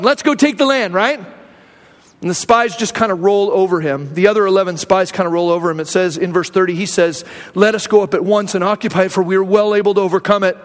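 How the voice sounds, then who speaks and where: A man's voice: high-pitched, fast talker. A man preaching a sermon as pastor, retelling scripture and acting out the quoted speakers. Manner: animated storytelling, acting out quotes. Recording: long hall reverb.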